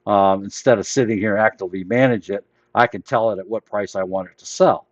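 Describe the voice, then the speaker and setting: A man's voice: lowish voice, brisk, dry recording, highs cut off. A man hosting a live trading lesson, explaining orders in a rambling, plain-spoken way while losing his voice. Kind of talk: casual live teaching.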